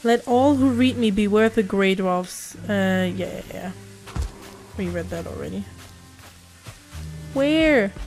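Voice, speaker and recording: A woman muttering her way through a video game at an unhurried pace, mid-pitched and conversational. She talks to herself, swears when startled and jumps between calm and alarm. Faint music plays underneath. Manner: jumpy, swearing, talks to herself while playing. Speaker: gaming channel host. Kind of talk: live gameplay commentary.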